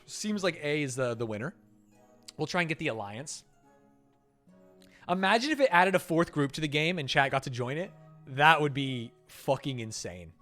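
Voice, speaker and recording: Animated, laughing male gaming streamer. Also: on the high side, normal speed, pauses often, soft background music. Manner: profane, laughs often, animated reactions. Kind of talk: live gameplay commentary, reading game text aloud.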